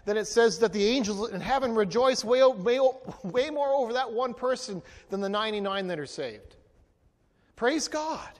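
Male pastor, high-pitched, lively preaching style, recorded in a reverberant church hall. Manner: lively, playful, asks the congregation to repeat lines. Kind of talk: sermon.

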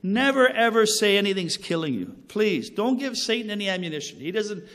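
A man's voice: high voice, big pitch swings, fairly quick, a bit bright, big-room sound. A man giving a personal faith testimony in a rambling, earnest way, often drifting off on tangents. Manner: rambling, goes on tangents and then apologizes; earnest and preachy, stresses key phrases. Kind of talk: personal testimony, casual storytelling.

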